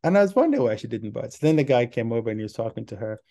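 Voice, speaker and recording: A man hosting a podcast, telling a story in a relaxed, rambling way. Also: mid-range voice, racing. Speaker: podcast host. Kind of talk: casual podcast monologue.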